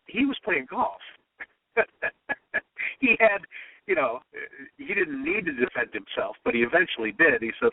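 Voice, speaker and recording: A man who writes political humor, telling anecdotes and mimicking the people he quotes. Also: a little high. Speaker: comedy writer. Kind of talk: storytelling interview talk. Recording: tinny phone-line sound.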